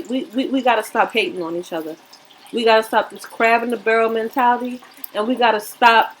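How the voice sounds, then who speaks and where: A woman's voice: mid-range voice, a little hiss or hum, poor audio. Earnest woman vlogger giving commentary. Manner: earnest, preachy, repeats herself. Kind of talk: casual commentary to viewers.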